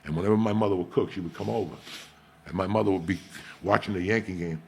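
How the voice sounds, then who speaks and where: A middle-aged man from Cuba, telling profane stories in an animated, casual chat as host. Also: low-pitched, quick pace, creaky, slight background noise. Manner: animated, profane storytelling with Spanish asides. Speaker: podcast host.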